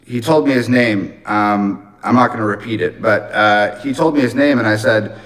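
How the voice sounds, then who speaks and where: Man, casual storytelling, swears often, rambling, middle pitch. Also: normal speed, low-quality recording. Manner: profane, rambling, animated retelling. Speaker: livestreamer telling a story.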